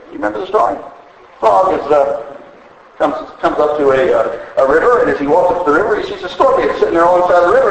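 A man preaching a sermon, telling stories with animated delivery and acting out the characters' lines. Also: on the high side, roomy sound, low-quality recording. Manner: animated storytelling, voicing characters in quotes. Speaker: pastor.

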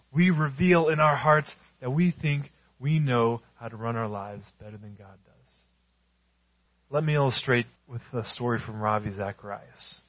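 A man preaching a sermon, telling stories and slowing down to stress key phrases. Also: medium pitch, no echo, dull audio. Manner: storytelling with emphatic, slowed-down phrases. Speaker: pastor.

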